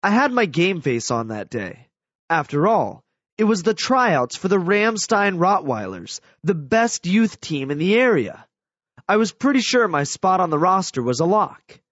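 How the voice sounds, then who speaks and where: A man reading a first-person story aloud as scripted audiobook narration, telling it in an animated way. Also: sits high, a little slow, no room sound, dull audio.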